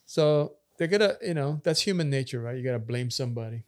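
A man's voice: medium pitch, animated, fast talker. Man, pastor, rambling storyteller, casual podcast chat. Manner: talkative, storytelling with many fillers and restarts.

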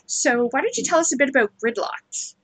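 High-pitched woman interviewer, friendly questions, dry phone-line sound. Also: sing-song, brisk, fairly bright tone, no room sound. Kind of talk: casual interview.

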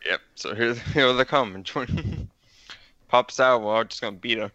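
A man in a casual podcast chat, giggling and tossing in quick, short remarks. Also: medium pitch, pushed and bright, lo-fi sound.

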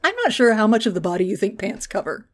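A woman's voice: medium pitch, expressive, fast. A woman co-hosting a podcast, recapping a movie in casual chat, joking and swearing freely. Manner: profane, joking, acts out characters in retelling. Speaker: podcast co-host.

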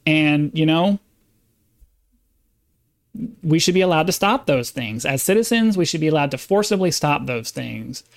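Male podcast host, fairly high voice, insistent opinion rant. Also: lively intonation, normal speed, creaky, long pauses. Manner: emphatic, insistent, with frequent restarts. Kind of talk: opinion monologue.

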